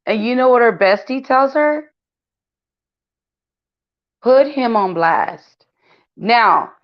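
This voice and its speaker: Chatty woman spilling celebrity gossip. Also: medium pitch. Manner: chatty, addresses viewers as y'all, many fillers. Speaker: gossip channel host. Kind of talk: casual celebrity gossip commentary. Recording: dull lo-fi sound.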